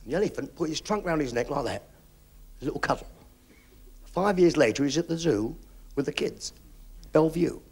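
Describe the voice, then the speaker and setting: A man doing stand-up comedy on a 1970s TV stage, telling quick jokes with punchlines. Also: expressive, a little mellow, breathy edge. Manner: brisk punchline delivery with big pitch swings. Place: TV studio stage with audience.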